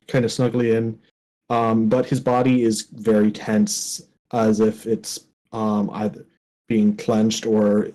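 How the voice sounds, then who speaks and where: A man describes his character for a tabletop game, pausing often with fillers as he lays out the details. His voice is mellow and dark in tone. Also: mid-range voice, poor audio. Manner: halting, many fillers. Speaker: player.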